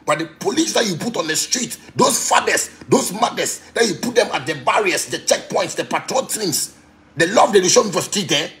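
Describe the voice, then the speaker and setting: A man in his thirties with a Ghanaian accent, speaking into a phone on a livestream. He rants and preaches with heat, lurching from loud, high outbursts down to low, muttered asides. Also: lively intonation, normal speed. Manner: preachy and heated, swings between loud outbursts and low murmurs. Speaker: musician live-streaming. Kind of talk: impassioned social media rant.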